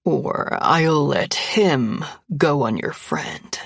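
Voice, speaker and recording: A woman doing a calm, deep-voiced male rescuer. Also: drawn-out words, gravelly, breathy edge, no room sound, studio quality, full character voice. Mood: calm firm.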